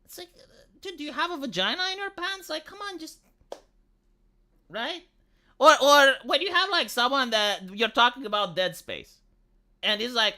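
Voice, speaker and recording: A woman with a Romanian accent and a squeaky voice, ranting heatedly on a casual live stream and often stumbling over repeated words. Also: expressive, normal speed, long pauses, bright, forceful tone. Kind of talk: casual livestream chat.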